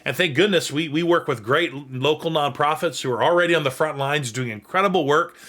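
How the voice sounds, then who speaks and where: A man who is a pastor, teaching on scripture in a reflective way, reading verses slowly and repeating his key points. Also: on the high side, fairly bright tone. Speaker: pastor and host. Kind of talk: sermon-style teaching on scripture.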